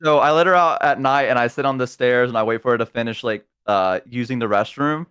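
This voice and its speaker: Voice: mid-range voice, a little fast, background noise. A streamer chatting casually on a stream, telling a story animatedly and acting out voices. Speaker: streamer guest.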